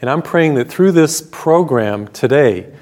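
Gentle storytelling priest preaching on TV. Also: male voice, on the high side, expressive. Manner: warm storytelling preacher, slows down for scripture. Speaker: Catholic priest and TV program host. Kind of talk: televised sermon.

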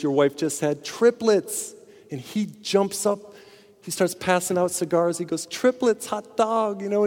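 A man, a priest, preaching a sermon, slowing down for emphasis and telling a joke along the way. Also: mid-range voice. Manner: animated preaching, slows for emphasis. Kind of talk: sermon with told jokes. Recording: long hall reverb.

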